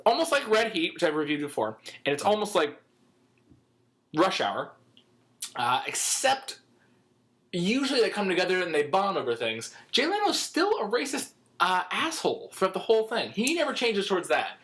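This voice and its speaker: Blunt, expressive male podcast co-host. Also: high-pitched, normal speed. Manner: blunt, profane, opinionated. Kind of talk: casual movie-review chat.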